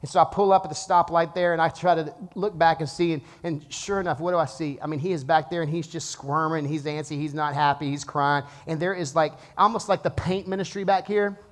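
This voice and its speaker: A pastor in his thirties preaching to his church, telling a lively story and then dropping to a hushed, earnest tone. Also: a little high, brisk, few pauses. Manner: animated storytelling, swings from loud to hushed. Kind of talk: sermon. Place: church auditorium.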